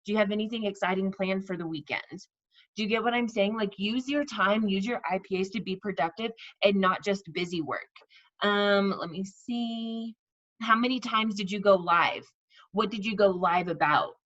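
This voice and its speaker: Casting note: woman leading a sales team, chatty coaching, middle pitch, slightly dull lo-fi sound. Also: moderate pace, a bit bright. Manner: chatty, repeats herself, acts out sample messages. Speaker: network marketing team leader. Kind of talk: casual coaching talk to her team.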